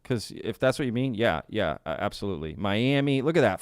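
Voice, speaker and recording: An upbeat man hosting a casual live stream, greeting viewers and laughing easily. His voice sits fairly low and comes across smooth and clear. The sound is dry and close to the mic. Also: animated, a little fast, hardly any pauses, dry recording. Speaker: podcast host reading live chat.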